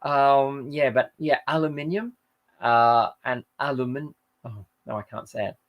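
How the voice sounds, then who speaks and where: A man's voice: mid-range voice, measured pace, lo-fi sound. A man hosting a channel, chatting casually through viewer comments and often losing his thread. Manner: rambling, loses his thread and corrects himself. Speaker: channel host. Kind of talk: casual live-stream chat reading viewer comments.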